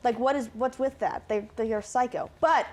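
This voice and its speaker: A woman's voice: a little high, moderate pace. A young woman co-anchoring a student campus show, chatting casually and agreeing enthusiastically. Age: young adult. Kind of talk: casual chat.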